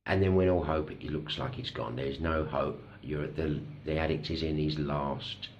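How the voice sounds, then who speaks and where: A middle-aged man with a very low, gravelly voice talks frankly in a personal vlog, swearing now and then and running himself down. He tells a parable slowly, with long pauses. A faint hiss of noise sits under his voice. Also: steady tone, highs cut off. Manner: blunt and self-deprecating, swears, slow deliberate storytelling with pauses. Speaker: recovering addict sharing his story.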